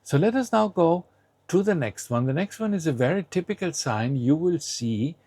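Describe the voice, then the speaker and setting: A man with a husky, slightly rough voice, explaining a lesson in a patient, step-by-step way. He keeps pausing to invite the listener to try each word aloud first. The sound is dry and close, with no room around it. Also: a little high, expressive, mellow, dry recording. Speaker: language teacher.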